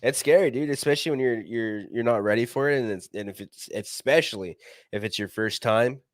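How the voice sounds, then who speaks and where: A man's voice: medium pitch, brisk, no echo, studio quality. A man chatting casually on a podcast, laid-back and loose with slang. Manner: laid-back, casual, says "dude" and "you know what I mean". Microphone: podcast studio mic.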